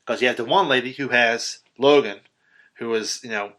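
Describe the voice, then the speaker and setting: A man talking through a movie with a friend on a podcast. He has a bright, forceful tone and swears freely. He jumps into loud acted-out quotes, then drops back into easy chatter. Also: mid-range voice, normal speed. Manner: animated, profane, acts out quotes loudly. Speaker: podcast co-host. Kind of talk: casual film discussion.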